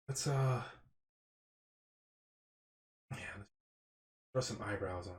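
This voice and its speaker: Soft-spoken man painting on stream. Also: fairly low pitch. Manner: quiet, gentle, drawn-out delivery with deadpan dark jokes. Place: home streaming setup.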